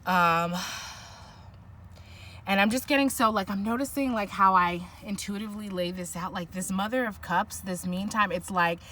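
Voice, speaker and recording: A woman's voice: mid-range voice, moderate pace, distant mic, a little hiss or hum. A woman doing an intuitive tarot reading, musing aloud and searching for words, with many restarts. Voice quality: soft, emotional at times. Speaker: tarot reader.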